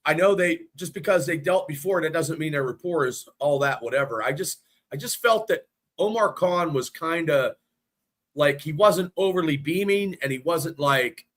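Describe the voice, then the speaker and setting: A man co-hosting a casual sports podcast, talking in an excitable, rambling way and swearing freely. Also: fairly high pitch, moderate pace. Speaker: podcast co-host.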